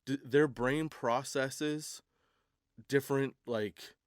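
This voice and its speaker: A man's voice: medium pitch, steady tone, slow pace, no room sound, clean studio sound. A man hosting a comedy podcast, rambling through a casual monologue with laughs and restarts. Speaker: podcast host.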